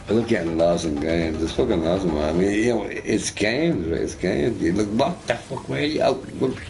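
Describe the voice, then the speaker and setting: A man with a fairly low voice chats loosely while he plays a game. He rambles and repeats phrases, and he swears casually. He keeps checking in with "you know, right?". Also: animated, a little fast, few pauses, darkish tone, slight background noise. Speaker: gamer recording gameplay. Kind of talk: casual storytelling over gameplay.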